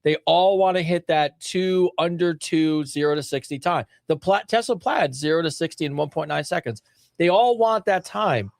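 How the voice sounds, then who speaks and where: Male podcast co-host, slightly high voice, emphatic and animated, dead-dry close mic. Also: normal speed, gravelly, no room sound. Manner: animated, emphatic, lots of restarts. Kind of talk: casual chat.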